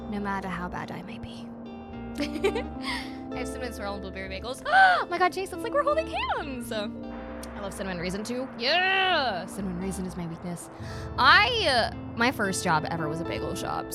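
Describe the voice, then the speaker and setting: A young adult woman streaming a game, chatting playfully and reading chat aloud, sometimes softening into a quiet mock accent. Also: mid-range voice. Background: game music playing.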